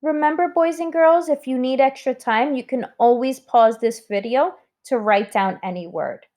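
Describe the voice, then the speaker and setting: A woman's voice: sits high, normal speed, darkish tone. A woman teaching a recorded spelling lesson to children, sounding out words letter by letter.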